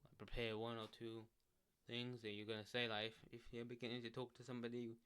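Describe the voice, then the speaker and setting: In a smooth, medium-pitched voice at a fast clip, a seated man talks casually into a desk mic about self-help. It's a loose solo advice ramble, relaxed, packed with "like," fillers, and restarts.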